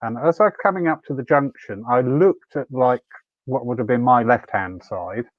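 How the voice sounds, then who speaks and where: A man's voice: mid-range voice, normal speed, dry recording. A man hosting a church evening over a video call, chatty and anecdotal, laughing easily. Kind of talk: hosting and telling a personal story. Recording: tinny, phone-like call audio.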